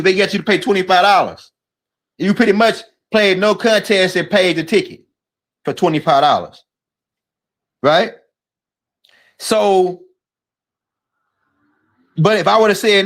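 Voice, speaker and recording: A man's voice: high-pitched, fairly bright tone. A man hosting his own video channel, delivering a rambling, emphatic monologue and punctuating points with "right?". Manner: rambling, emphatic, repeats himself with frequent "right?". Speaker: video host. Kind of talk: casual monologue to camera.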